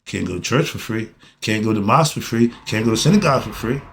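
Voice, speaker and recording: A man's voice: lowish voice, animated, fast talker, gravelly, fairly bright tone, slight background noise. A man giving a blunt, emphatic spiritual monologue in casual slang, asking questions and answering them himself. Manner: emphatic, asks and answers his own questions; colloquial, blunt. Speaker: host.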